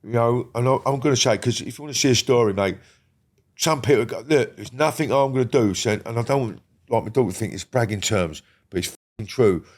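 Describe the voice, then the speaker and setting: A man's voice: medium pitch, a little fast. A man, talking as a guest about his past in a rambling, blunt way full of swearing, often checking that the listener follows. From Britain. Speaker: guest recounting a criminal past. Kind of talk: casual storytelling conversation.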